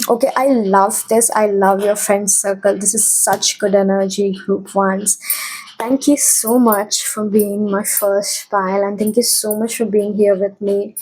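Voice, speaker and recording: A woman's voice: mid-range voice, level tone, measured pace, a little mellow, breathy edge, low-quality recording. A young woman giving a casual tarot reading, chatty and often checking in with her viewers. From India. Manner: chatty, keeps checking in with "okay?". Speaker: tarot reader.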